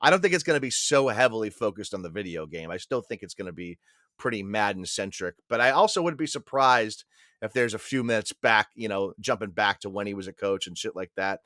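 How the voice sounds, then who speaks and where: Male podcast co-host, bright forward voice, blunt and profane, dry booth sound. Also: lowish voice, expressive, fairly quick, no room sound. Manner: blunt, swears freely, emphatic complaints. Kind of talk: casual chat.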